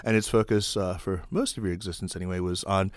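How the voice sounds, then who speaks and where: A man's voice: low voice, steady tone, fast talker, no room sound, clean studio sound. A man hosting a podcast, giving an upbeat, emphatic introduction and chatting with his guests. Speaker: podcast host.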